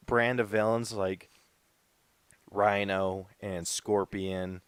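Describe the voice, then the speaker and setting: Low-voiced young guy, rambling. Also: fairly even intonation, slow, clear, resonant tone, no echo. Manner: rambling, lots of "like" fillers. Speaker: podcast co-host. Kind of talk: casual chat.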